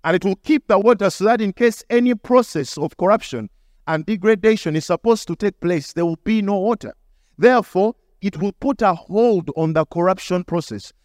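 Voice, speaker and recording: A male pastor delivers a sermon with a fairly high voice. He teaches through stories and now and then acts out the people in them. The sound is dry and close, with hardly any room. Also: moderate pace, a little mellow, no room sound. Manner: storytelling preacher, acts out the people in his stories.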